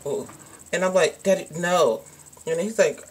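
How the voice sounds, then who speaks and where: A young woman talks straight to camera in a loose, unscripted storytime vlog. Her voice sits a little low, and she speaks bluntly in slangy, colloquial speech, with frequent swearing and "like" fillers. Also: moderate pace, heavy background noise. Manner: blunt and frank, swears freely, many fillers. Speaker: vlogger.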